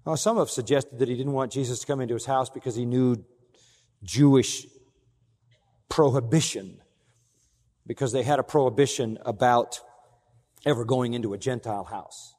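A male pastor delivering an expository sermon at a middle pitch. He presses his points hard, climbing loud and high, then dropping low, and he keeps asking the congregation questions. The recording carries a long reverb tail from a large hall. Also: moderate pace, long pauses. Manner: emphatic preaching with big swings in pitch and loudness.

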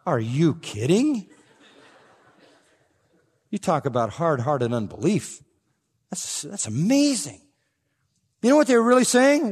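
A man preaching a sermon as pastor, emphatic, swinging between loud bursts and hushed, quiet phrases. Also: on the high side, big pitch swings, takes it slowly, long pauses, breathy edge. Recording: long hall reverb.

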